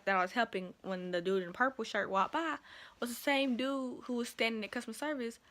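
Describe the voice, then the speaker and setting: A young woman vlogger telling a work story in a chatty, animated way, calling her viewers y'all. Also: a little high. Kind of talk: casual storytime.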